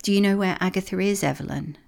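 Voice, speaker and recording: Young witch girl read by a woman, polite, soft-spoken, low gravelly tone. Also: fast talker. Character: young witch girl, kind but guarded.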